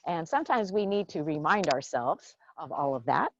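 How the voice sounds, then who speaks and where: A woman teaching qigong, guiding breath meditation with slow, soothing cues and a playful touch during affirmations. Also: low voice, sing-song, a little hiss or hum. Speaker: qigong instructor. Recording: dull, dry lo-fi sound.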